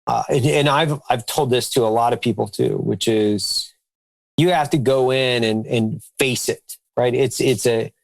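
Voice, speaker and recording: Measured male podcast host, dry sound. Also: mid-range voice, creaky, no room sound, rough recording. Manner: measured, halting, with fillers. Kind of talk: casual chat.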